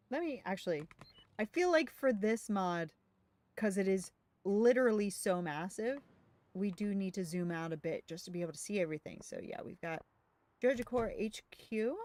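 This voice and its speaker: A woman's voice: medium pitch, darkish tone. A woman streamer chatting casually as she plays a farming game, easygoing and thinking aloud while she talks. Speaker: gaming streamer. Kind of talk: casual gameplay commentary. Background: faint music.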